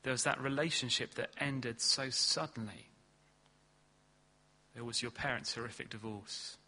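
Male preacher, bright and forceful tone, earnest sermon delivery. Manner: earnest, rising to emphatic stresses then dropping low and slow. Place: church hall.

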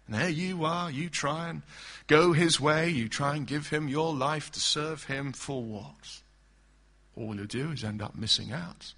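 A man's voice: a little high, a little slow, sharp tone, husky, heavily acted. A man voicing a sly male serpent who tempts with wheedling, mocking questions. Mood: taunting.

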